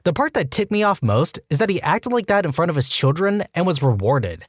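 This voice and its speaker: A man narrating reader-submitted stories as a podcast host, with animated storytelling and quick asides. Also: fairly high pitch, dry recording, clean studio sound.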